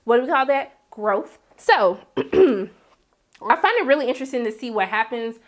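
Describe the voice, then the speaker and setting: A woman's voice: on the high side, animated, a little slow. A woman giving a casual TV episode recap, sassy and blunt, with slangy asides.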